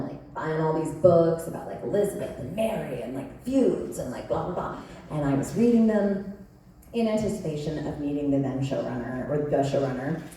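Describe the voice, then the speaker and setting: A woman's voice: sits low, mellow, recorded from a distance, a little hiss or hum. Chatty woman in an echoey hall. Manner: chatty, laughing, lots of "like". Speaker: panel guest actress. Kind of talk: convention panel storytelling. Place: large convention hall.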